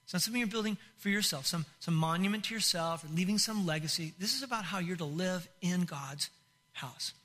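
A man's voice: high voice, brisk, sharp tone. A male pastor preaching a sermon in an impassioned way, with many restarts and repeated phrases.

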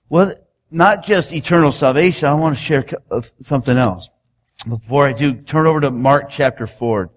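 A man preaching a sermon in a conversational style, building up to emphatic exhortations. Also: medium pitch.

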